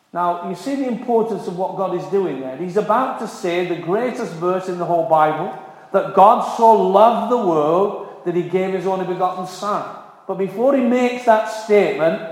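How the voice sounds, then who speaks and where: A man preaching a sermon, earnest and emphatic, repeating key phrases for stress. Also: high-pitched. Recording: very echoey hall with long reverb.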